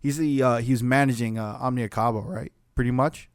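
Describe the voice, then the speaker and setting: Cohost dude chiming in w "right?" and "yeah", casual chat, dry close mic. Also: male voice, mid-range voice, steady tone, smooth, no echo. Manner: quick affirming interjections and tag questions. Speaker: podcast co-host.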